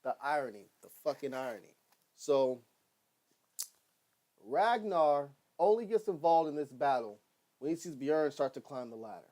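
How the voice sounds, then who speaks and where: Man, casual TV episode recap, rambling, excitable, lots of swearing, fairly high voice. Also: normal speed, long pauses. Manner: excitable, rambling, swears often, laughs, acts out quotes. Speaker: TV episode reviewer.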